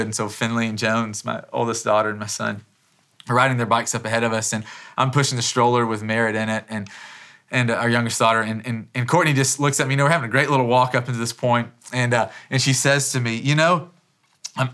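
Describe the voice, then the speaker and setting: A man's voice: medium pitch, a bit bright. Conversational man preaching a sermon. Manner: conversational preaching with frequent restarts and "man" asides. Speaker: pastor. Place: church.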